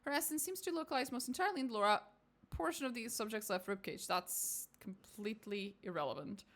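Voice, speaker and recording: A woman's voice: fairly high pitch, expressive, fairly bright tone. A woman reading a pompous, clinical scholar woman. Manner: brisk, clinical and self-important. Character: pompous, fussy female scholar of souls.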